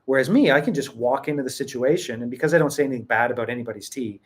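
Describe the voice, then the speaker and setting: A man from the West speaks rapid-fire to viewers of his tea channel, rambling casually to camera. His voice sits at a typical middle pitch, and he frequently restarts sentences and chuckles from time to time.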